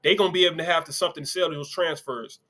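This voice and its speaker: A man hosts a casual sports stream, chatting freely and tossing in side comments. His voice sits a little high and rings bright and forward. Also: steady tone, racing. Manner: loose, conversational, reads comments aloud with asides. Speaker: sports show host.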